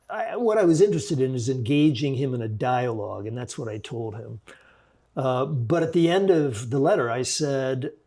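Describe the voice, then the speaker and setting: A man in his sixties, an author and forensic psychologist, telling a story in a measured, reflective way with frequent restarts during a podcast interview. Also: medium pitch, a little mellow.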